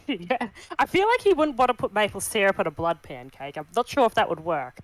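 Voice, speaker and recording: A woman chatting casually on a livestream, easygoing and soft-spoken. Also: mid-range voice, huge pitch swings, a little fast, no room sound, rough recording. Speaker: co-host on a livestream. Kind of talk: casual chat.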